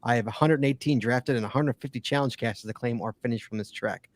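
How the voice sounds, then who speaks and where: A man's voice: medium pitch, fast, no echo. A man co-hosting a casual podcast, chatty and teasing as he reads listener emails aloud. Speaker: podcast co-host.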